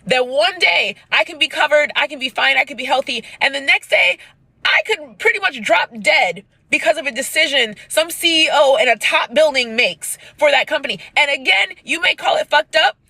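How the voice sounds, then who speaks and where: A woman's voice: sits high, expressive, normal speed, gravelly, pushed and bright, no echo. A woman crying while she angrily rants into her phone in a profane selfie video. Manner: angry profane rant.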